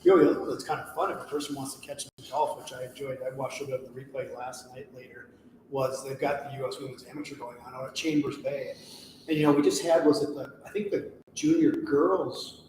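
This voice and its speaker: A man's voice: mid-range voice, fairly even intonation, brisk, a little mellow, far from the mic. A man co-hosting a golf talk show, speaking in an easygoing, conversational way. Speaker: golf pro co-host. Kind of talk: casual chat. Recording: echoey room with background noise.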